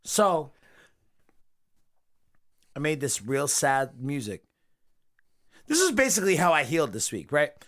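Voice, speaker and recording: A man hosting a casual late-night podcast, swearing a lot and swinging from low mumbles into shouted rants. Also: very animated, measured pace, long pauses. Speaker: podcast host.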